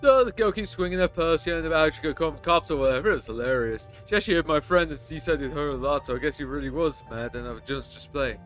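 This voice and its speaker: A game streamer reading the lines of a chatty, rough male stranger on a bus, telling crude stories in a rambling way. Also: medium pitch, quick pace, hardly any pauses, fairly bright tone, soft background music, natural voice.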